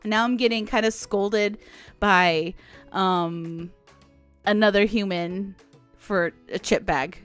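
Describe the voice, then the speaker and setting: A woman hosting a podcast, telling stories in a chatty, animated way and laughing often. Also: mid-range voice, slow, smooth, faint music behind. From United States. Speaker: podcast host. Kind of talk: casual storytelling monologue.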